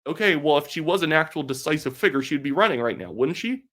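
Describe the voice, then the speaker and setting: A man's voice: a little high, animated, a bit bright. A young man from Canada giving casual political commentary, blunt and sarcastic, with lots of "like" fillers. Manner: fast talk with many filler "like"s.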